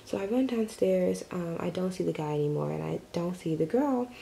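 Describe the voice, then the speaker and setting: A woman's voice: lowish voice, a little fast, gravelly, warm tone, slight background noise, rough recording. A young woman telling a story in a casual vlog, rambling with lots of fillers and the odd curse. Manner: rambling, filler-heavy retelling with lots of "like" and swearing. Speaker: vlogger. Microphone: camera mic.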